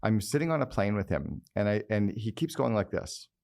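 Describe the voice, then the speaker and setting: A middle-aged man, a guest business mentor on a podcast interview, telling candid, energetic anecdotes. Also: on the low side, normal speed, gravelly.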